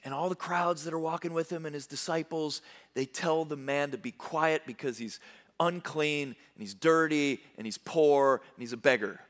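A male pastor delivers a lively sermon in a fairly high voice. He drops to quiet, low phrases, then rises into loud, bright bursts of emphasis. He often stumbles over quick repeated words as he pushes ahead. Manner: animated preaching, swinging from hushed low lines to loud high bursts.

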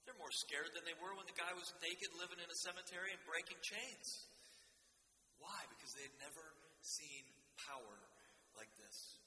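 A man's voice: a little high, normal speed, bright, forceful tone, slight background noise. A man preaching a sermon in an earnest way, often restarting his sentences and building emphasis as he goes. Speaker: pastor. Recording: roomy hall with long reverb.

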